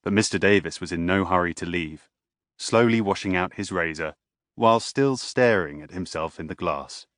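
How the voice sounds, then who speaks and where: A man reading a novel aloud as an audiobook narrator, in a measured, even way. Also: deep voice, no echo, studio quality.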